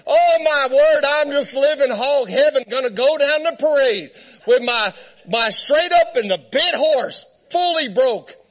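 High, bright-voiced preacher telling a funny story. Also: male voice, unhurried. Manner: animated, laughing through his story. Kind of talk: comic storytelling sermon.

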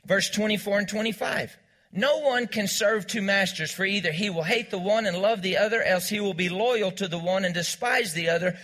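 In a church, a man delivers a sermon as pastor, his high-pitched voice bright and forceful. He leans on call-and-response, repeating important lines and calling on the congregation to say them back.

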